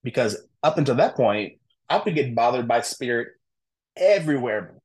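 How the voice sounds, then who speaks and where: Man telling a story with animated, casual energy. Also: mid-range voice, moderate pace, slightly rough. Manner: animated, acts out quoted dialogue; candid, informal, with frequent fillers like "I'm like". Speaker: podcast guest.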